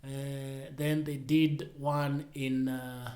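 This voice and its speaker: A young man co-hosting a podcast in casual chat, animated and teasing, often trailing off and restarting. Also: mid-range voice, extremely slow, slight background noise. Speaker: podcast co-host.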